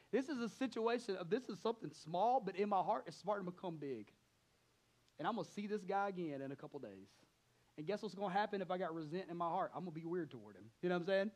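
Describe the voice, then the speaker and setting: A man preaching a sermon as pastor, conversational, often asking the congregation questions and acting out his own thoughts, sometimes dropping to a near whisper. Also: high-pitched.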